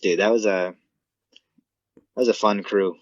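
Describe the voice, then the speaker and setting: A man's voice: on the low side, steady tone, dry recording. Easygoing man on a dull, dry mic. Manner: easygoing, halting restarts. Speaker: podcast co-host. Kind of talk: casual chat.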